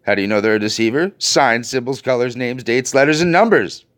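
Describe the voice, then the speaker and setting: A man's voice: mid-range voice, fairly quick, fairly bright tone. A man hosting a video, ranting to his viewers in an angry, profane and sarcastic way. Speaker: video host.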